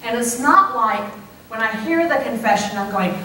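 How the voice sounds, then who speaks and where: A woman priest preaching a sermon, slow and deliberate with playful conversational asides. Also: on the high side, animated, pushed and bright, slight background noise. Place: church sanctuary. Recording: echoey church heard from a distance.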